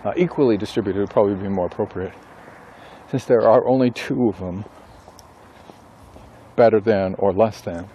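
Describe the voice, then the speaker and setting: A man who writes books and teaches a class, talking casually and thinking aloud with pauses and self-corrections. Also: lowish voice, mellow, husky. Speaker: author and instructor. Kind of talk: casual rambling monologue.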